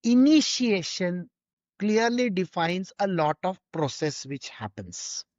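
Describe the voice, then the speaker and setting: A man's voice: sits high, sing-song, takes it slowly, darkish tone, dry recording, muffled recording. A man giving an informal spiritual teaching, conversational and full of rhetorical questions.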